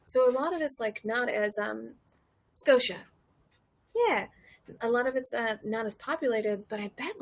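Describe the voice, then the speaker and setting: A young American woman chats with her stream, slightly tipsy after a few drinks. Her voice is husky and sits a bit high. She rambles loosely, full of fillers and casual swearing. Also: moderate pace. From United States. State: a little tipsy. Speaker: streamer chatting with viewers. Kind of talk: casual chat. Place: porch outdoors.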